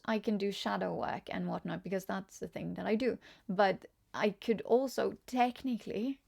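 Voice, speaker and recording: A chatty Norwegian woman with a Norwegian accent and a creaky, medium-pitched voice gives a casual tarot reading on a live stream. She laughs often while responding to chat comments.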